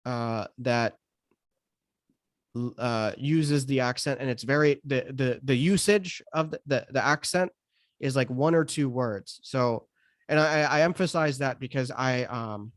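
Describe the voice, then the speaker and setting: An American man in his thirties, a stand-up comedian, appears as a conversational podcast guest with a mid-range voice at a measured pace. He sounds hesitant, stopping and restarting often with many fillers, and the sound is dry and close with no echo.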